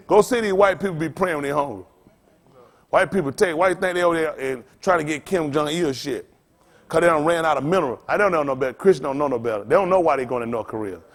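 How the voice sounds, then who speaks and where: A male pastor with a notably high-pitched voice preaches in an informal, rambling way. He is blunt and freely profane, trading call-and-response with the congregation as he goes.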